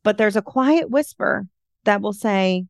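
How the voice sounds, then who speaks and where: A woman's voice: mid-range voice, unhurried, gravelly, no echo. Woman coach, interview guest; earnest, reflective, resonant voice, dry recording. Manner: earnest, reflective talk about spirituality. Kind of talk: casual interview chat.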